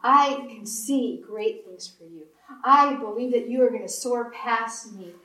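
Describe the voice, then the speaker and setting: A woman pastor giving a sermon, with emphatic repetition and quick acted-out quotes. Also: fairly high pitch, pushed and bright. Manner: repetitive emphatic preaching, acts out quoted voices. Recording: roomy echo, distant mic, faint hiss.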